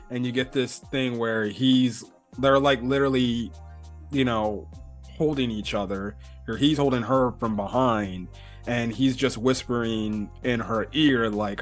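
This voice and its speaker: A man recapping anime episodes in a casual review, rambling with lots of fillers and getting excitable. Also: mid-range voice.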